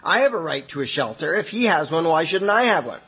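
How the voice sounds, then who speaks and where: Whiny woman castaway ranting about her rights, a guy doing her voice, husky, dull lo-fi sound. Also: high voice, big pitch swings, fairly quick, voice pushed up, full character voice. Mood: indignant. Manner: indignant, ranting complaint.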